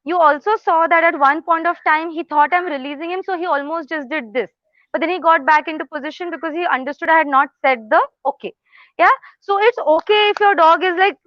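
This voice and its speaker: A woman's voice: high-pitched, a little fast, dry recording, dull audio. A young adult woman from India, a dog trainer explaining a live training demo in a chatty way, checking in with "huh?" and "right?".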